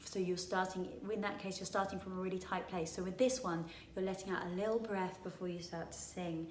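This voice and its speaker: A woman teaching a singing lesson, coaching gently and breaking into sung demonstrations. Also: fairly low pitch, steady tone, a little fast, a little hiss or hum. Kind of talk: vocal warm-up lesson. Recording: roomy sound with piano.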